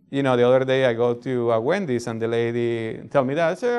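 A man's voice: mid-range voice, brisk, hardly any pauses, smooth. A middle-aged man with a non-native English accent, preaching a sermon in a conversational way and often checking in with "right?". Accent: non-native English speaker. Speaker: pastor.

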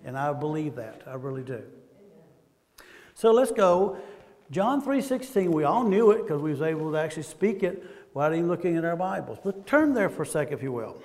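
A man's voice: a little high, very animated, a little fast, a little mellow, long reverb tail. A man with a Southern American accent preaching a sermon in a church, talking conversationally and asking the congregation questions.

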